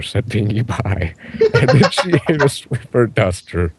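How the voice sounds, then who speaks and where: A man reading absurd fan fiction aloud in a mostly deadpan way, often cracking up. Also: on the low side, unhurried, very noisy. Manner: deadpan delivery breaking into laughter. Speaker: reader.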